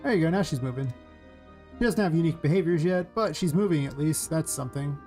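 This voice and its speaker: A man with a Californian accent and a somewhat high voice, chatting loosely during a live stream. He talks quickly and rambles from one thought to the next, with faint music playing behind him. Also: darkish tone. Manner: fast, rambling talker. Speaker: game developer streamer. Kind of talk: casual streaming chat.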